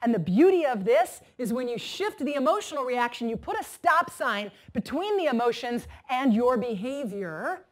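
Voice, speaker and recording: A woman gives a motivational keynote, her voice sitting a little high. She tells stories from her workshops and acts out the voices of the people in them. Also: moderate pace, hardly any pauses. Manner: animated storytelling, acts out quoted voices. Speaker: motivational speaker. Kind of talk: keynote talk to an audience.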